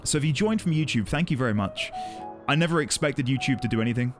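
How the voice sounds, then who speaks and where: A man's voice: medium pitch, animated, fast talker, music in the background. A man streaming a game, rambling and flustered as he thanks his chat effusively.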